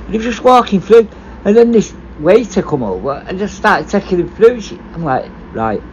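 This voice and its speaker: A former prison officer talking bluntly in a casual, sweary monologue. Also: male voice, sits high, lively intonation, a little fast, a little hiss or hum, poor audio.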